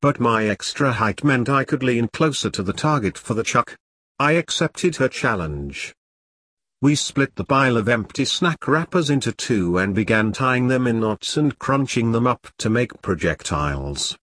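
A man narrating a story in a measured way, speaking the punctuation marks aloud as he reads. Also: medium pitch, lively intonation, a bit bright, no room sound.

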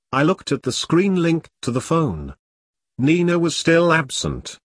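Husky male audiobook narrator. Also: on the high side, very animated, a little slow, dry recording, clean studio sound. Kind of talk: first-person story reading.

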